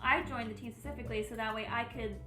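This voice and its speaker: A woman on a paranormal team chatting softly and casually, her voice sitting a little high. The room is echoey. Music plays clearly in the background. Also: steady tone, fast. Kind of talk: casual conversation.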